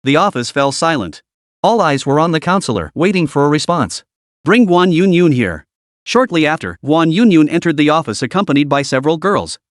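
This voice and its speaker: A man narrating a scripted story recap in an even, smooth storytelling delivery. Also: fairly high pitch, dry recording, clean studio sound.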